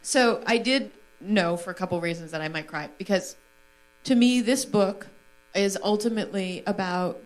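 A woman's voice: mid-range voice, moderate pace, rough recording. A woman in her forties, an author speaking candidly on a stage panel, laughing easily and reading a passage aloud with feeling. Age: 40s.

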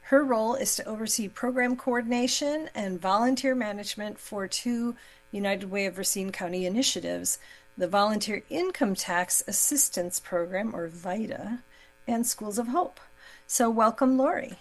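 A woman hosts a local radio talk show in a friendly, chatty way, now and then tripping over her words. Her voice sits at a middle pitch. A faint mains hum runs under the studio recording. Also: normal speed, faint music behind, rough recording. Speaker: radio show moderator and host. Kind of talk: casual radio interview.

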